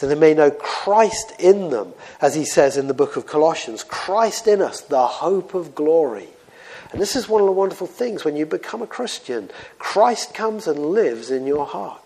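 A man preaching a sermon in a conversational, storytelling style, often pausing with fillers. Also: fairly high pitch, darkish tone.

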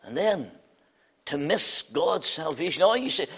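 A man's voice: animated, measured pace, husky. Fervent preacher, man. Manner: fervent, swings from loud appeals to hushed low lines. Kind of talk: evangelistic sermon.

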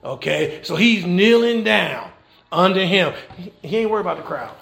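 A man preaching an animated sermon, high and gravelly, bright and edgy in tone. He drives points home with repeated rhetorical questions in a folksy church manner. The room rings with echo. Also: normal speed. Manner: folksy Southern American church phrasing.

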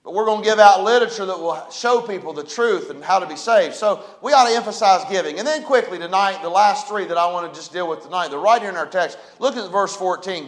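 Male pastor, high tenor voice, preaching with rising emphasis and call-and-response from the pulpit. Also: lively intonation, a little fast, few pauses, fairly bright tone, low-quality recording. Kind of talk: sermon. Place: church sanctuary.

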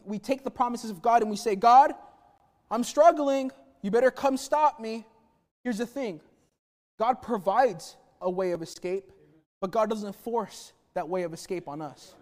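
A man's voice: high voice, a little mellow. A man preaching a sermon in a conversational, chatty way with humorous asides. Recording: long reverb of a hall.

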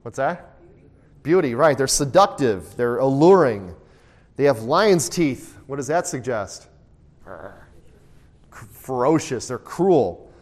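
His mid-range voice is expressive and a little mellow, moving slowly with long pauses. He's a Bible teacher running an interactive study, reading scripture loudly, posing questions and repeating the group's replies.

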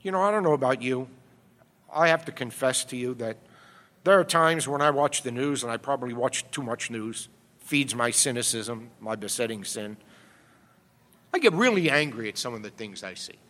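A man's voice: mid-range voice, expressive, normal speed, fairly bright tone, big-room sound. A man preaching an expository sermon, earnest and rising to emphatic exhortation.

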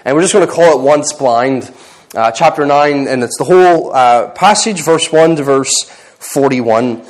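A man preaching a sermon in a relaxed, halting way, full of fillers, who reads a long passage aloud. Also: medium pitch, low-quality recording. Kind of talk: sermon with a scripture and book reading.

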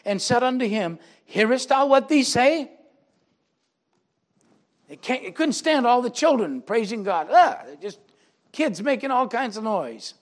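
An older man, a pastor, preaching a sermon and telling a personal testimony, acting out the people he quotes in dialogue and rising into emphatic preaching. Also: high-pitched.

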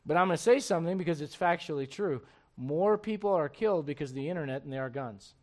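A man preaching a sermon as pastor of a church, emphatic and swinging between loud bursts and low asides. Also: lively intonation, quick pace.

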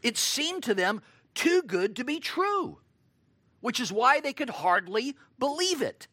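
Male preacher, sermon, animated pitch, dry sound, rhetorical questions. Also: a little slow, husky, no room sound. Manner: expressive, acts out quoted lines.

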